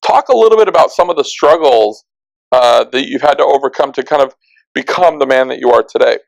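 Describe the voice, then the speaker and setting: A man's voice: mid-range voice, a little fast, gravelly, low-quality recording. A man hosting an interview, asking questions and reflecting on his own experiences. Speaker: host. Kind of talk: conversational interview.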